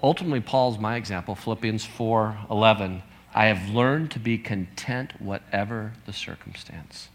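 A man's voice: lowish voice, normal speed, few pauses. A pastor in his fifties gives an earnest, conversational sermon, reading out scripture as he goes.

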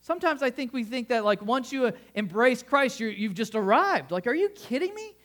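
A man's voice: extremely high pitch, sing-song, fairly quick, a bit bright. A male pastor preaching a sermon in a conversational way, often restarting phrases and asking the congregation questions.

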